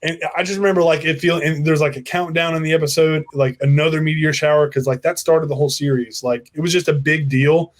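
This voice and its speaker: A man's voice: a little high, quick pace, few pauses. A young man from the United States co-hosting a casual chat, telling stories in a loose, rambling way. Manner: relaxed, rambling storyteller. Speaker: co-host.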